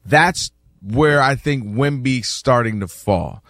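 A man hosting a sports talk show, arguing a point in a casual, animated way and acting out fans' voices. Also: medium pitch, slow, no room sound, studio quality.

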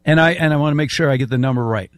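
An older man hosts a sports talk debate, building his case with long lists of numbers. His voice sits a bit high. The sound is dry and close, with no room echo. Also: racing. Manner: emphatic, lists stats at length.

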